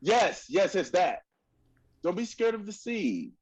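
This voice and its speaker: A man's voice: sits high, big pitch swings, slow pace. A man coaching a student in a masterclass, singing phrases to demonstrate, exacting and encouraging. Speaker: oboe teacher.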